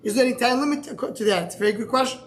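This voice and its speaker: A man's voice: very high-pitched, very fast, a little hiss or hum. Style man teaching a Talmud class. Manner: thinks aloud with many restarts, fields student questions.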